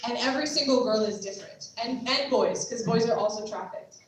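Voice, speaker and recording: A woman's voice: a little high, a little fast. A young woman giving a chatty training talk to a group, often acting out quoted dialogue. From United States. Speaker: trauma care trainer and street outreach worker. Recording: echoey hall from far off, faint noise.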